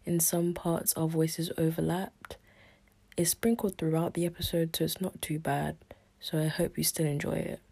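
A woman podcast host with a gravelly, husky voice, giving a soft, subdued apology to listeners. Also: sits low, level tone, normal speed, no room sound. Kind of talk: apologetic recorded note.

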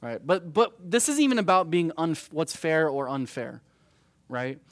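A man's voice: a little high, lively intonation, measured pace, no room sound. A man in his thirties teaching a youth group verse by verse through a Bible passage, conversational and peppered with "right?" asides. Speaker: youth pastor.

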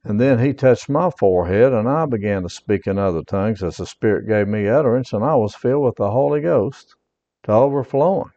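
An earnest male pastor preaches a personal testimony, his voice low and mellow. He stresses his points twice over and reads scripture passages aloud. The sound is dull and lo-fi, like a home podcast recording. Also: fairly quick, big-room sound.

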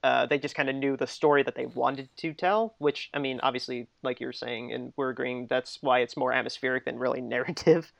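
A man's voice: mid-range voice, fairly even intonation, a little fast, gravelly, few pauses, no echo. A man co-hosting a casual film discussion, chatty, laughing often and restarting his sentences. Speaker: podcast co-host.

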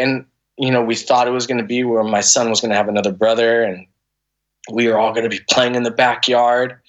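A man in his thirties speaks as a guest on a podcast, sharing a personal story. His voice sits in an ordinary middle pitch, and his delivery is earnest and emotional, full of stops, restarts and fillers as he works through what he wants to say. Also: steady tone, brisk, lo-fi sound. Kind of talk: candid conversational storytelling.

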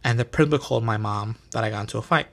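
A man hosting a podcast, telling stories in a casual, animated and profane way full of slang. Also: medium pitch, rapid-fire, gravelly. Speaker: podcast host. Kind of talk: casual storytelling.

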